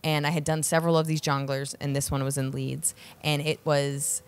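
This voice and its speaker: Woman, low voice, comic, chatty, acts out quotes with big pitch jumps. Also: little pitch movement, moderate pace. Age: middle-aged. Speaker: stand-up comedian, guest. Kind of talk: casual podcast chat, storytelling.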